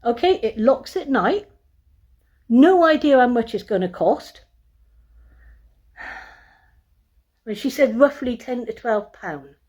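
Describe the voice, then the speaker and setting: Slow and full of long pauses, a woman's slightly high voice has lively intonation and a little mellowness. Filming on her phone in a hotel room, she complains to camera with frequent swearing, exasperated, before giving a room tour in this casual vlog.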